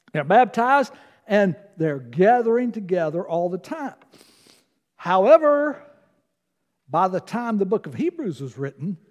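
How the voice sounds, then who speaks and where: A man preaches to his congregation, his high voice rising and falling in lively swings. He moves from loud declarations to soft asides, and his words ring out in the long reverb of a large church sanctuary. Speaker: guest preacher. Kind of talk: sermon.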